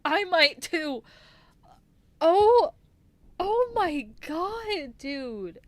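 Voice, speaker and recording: Woman, game streamer, live reactions, swears a lot, loud exclamations, slow drawn-out talk. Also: very high voice, very animated, no room sound.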